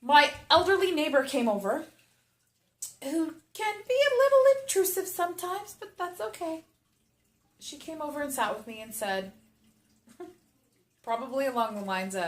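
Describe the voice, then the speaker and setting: Mom who teaches baby classes, talking real open and emotional, kinda high voice, echoey room. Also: female voice, big pitch swings, unhurried, long pauses. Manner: emotional, frank, repeats short phrases for emphasis. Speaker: mother and baby class instructor. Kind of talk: candid personal storytelling to camera. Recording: roomy echo.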